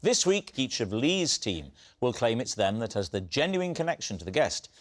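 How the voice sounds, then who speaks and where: Lively male panel-show host. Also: mid-range voice, normal speed. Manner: theatrical, lively announcing. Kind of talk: comic panel show hosting. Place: TV studio. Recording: loud studio audience.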